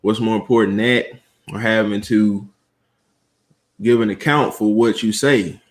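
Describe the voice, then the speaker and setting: A man from Atlanta, a guest on a livestream, speaking slowly and thoughtfully with many pauses and fillers. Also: on the low side, fairly even intonation. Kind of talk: casual livestream chat.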